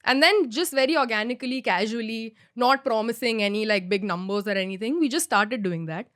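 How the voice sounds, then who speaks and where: Higher-voiced young woman, wry and laughing. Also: a bit bright, no room sound, clean studio sound. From India. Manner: self-deprecating, laughing, quick asides. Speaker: podcast guest. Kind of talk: casual podcast chat.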